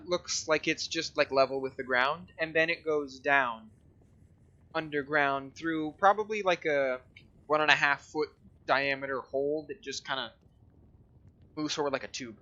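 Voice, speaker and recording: A man's voice: fairly high pitch, sharp tone, highs cut off. A man narrating a tabletop game as game master, describing scenes and rules in an explanatory way with frequent fillers.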